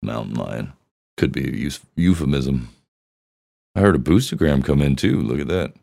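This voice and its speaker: A man's voice: a bass voice, animated, moderate pace, gravelly, warm tone, no room sound, studio quality. A man hosting a podcast, joking crudely and chatting casually as he plays voicemails. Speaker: podcast host. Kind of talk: casual banter reading voicemails.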